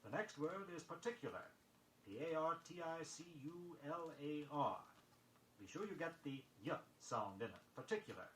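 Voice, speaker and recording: A man reading a scripted pronunciation lesson, measured and precise, spelling words letter by letter on an old record. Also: a little high, lively intonation, fairly bright tone. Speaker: vocabulary record instructor. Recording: echoey vintage vinyl recording with faint noise.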